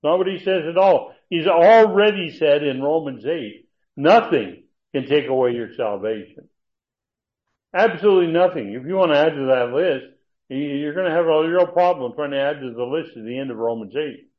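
A man's voice: fairly high pitch, animated, moderate pace. A man teaching an expository sermon on Bible passages, emphatic and stressing key words, with asides and restarts. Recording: tinny phone-like sound.

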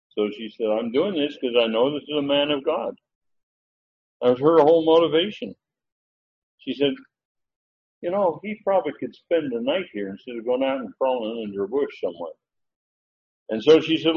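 Man, low-pitched Bible teacher, reads and explains verses, lo-fi sound. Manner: reads scripture then explains words, with frequent fillers.

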